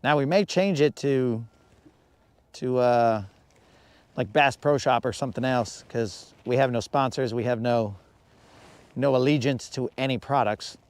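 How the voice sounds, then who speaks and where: A man hosts a live fishing stream from his boat, chatting with viewers in a laid-back, slangy way. His mid-range voice is unhurried, with long pauses. The sound is clean and free of echo.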